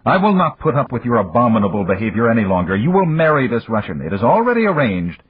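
A cold, powerful father speaks sternly and commandingly, as a male audiobook narrator plays him. The voice is very husky with lively pitch. It sounds dry and tinny, like a phone line. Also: normal speed, full character voice. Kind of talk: audiobook character voice.

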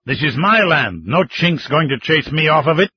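A man voicing a stubborn old Russian hunter and war veteran who refuses to leave his land, speaking gruffly in a raised voice. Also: fairly high pitch, big pitch swings, moderate pace, heavily acted. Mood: defiant. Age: older. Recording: dull, slightly muffled audiobook sound.

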